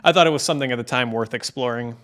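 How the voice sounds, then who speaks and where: A man on a podcast chatting casually and tossing in quick quips. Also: mid-range voice, fairly bright tone.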